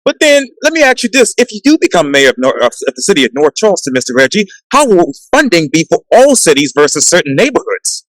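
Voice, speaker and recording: A man with a high, lively voice hosts a one-on-one interview. His questions are formal and respectful. The sound is dry and close, with no room echo. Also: fast, few pauses. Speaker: interview host.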